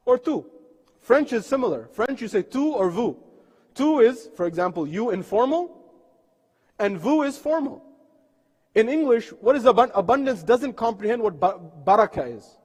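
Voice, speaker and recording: Guy preaching a sermon, high voice, earnest storyteller, long echo off the mosque hall. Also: darkish tone, breathy edge. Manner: earnest storytelling with rhetorical questions.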